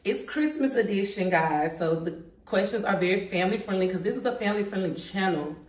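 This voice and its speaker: A woman's voice: medium pitch, fairly quick. A woman in her thirties hosting a vlog, chatting casually and laughing with friends. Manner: lively, laughing, Southern-tinged slang. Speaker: vlog host. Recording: echoey room, mic far off.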